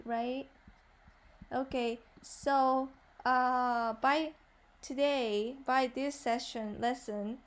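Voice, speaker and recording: Woman, Japanese accent, language teacher, higher-pitched voice, patient explaining, lots of fillers. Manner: explains patiently with many fillers, repeats example sentences. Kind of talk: online language lesson.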